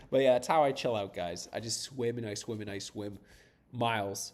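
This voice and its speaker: A man's voice: fairly low pitch, normal speed, a little mellow. A man from south of Boston talking casually on a live stream while he debugs code, rambling, laughing often and swearing casually. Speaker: startup founder coding on a livestream.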